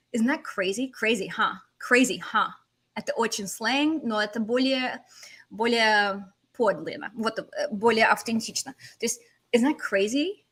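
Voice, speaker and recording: A woman teaching a language lesson on a livestream, animated, switching between languages as she explains. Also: a little high. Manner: animated, switches between English, Russian and Portuguese.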